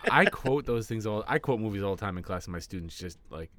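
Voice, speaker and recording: A man with a lowish, fairly bright, expressive voice talks at a quick pace. He is a teacher who co-hosts a casual podcast, where he tells stories animatedly, acts out quotes and laughs often.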